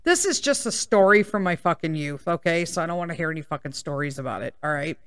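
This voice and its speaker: This Chicago-area woman hosts a podcast, and her deep voice is animated, fast, smooth, and a bit bright. Her personal story wanders through tangents and heavy swearing, with frequent "okay?" and "right?" check-ins.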